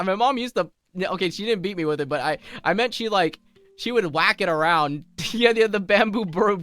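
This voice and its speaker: A man's voice: on the high side, a bit bright, clean tone, dry recording. A man streaming from home, chatting casually with his viewers, rambling through stories with lots of laughter and restarts.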